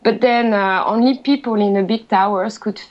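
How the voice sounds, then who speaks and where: A woman with a French accent, a guest in a casual online chat, talking in halting English with fillers and a shy, apologetic manner. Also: medium pitch, highs cut off. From France. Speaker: podcast guest.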